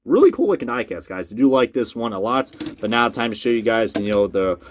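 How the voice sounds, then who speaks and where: Animated, casual man reviewing diecast. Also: medium pitch, a little fast. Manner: chatty, jumps to loud disbelief, swears freely.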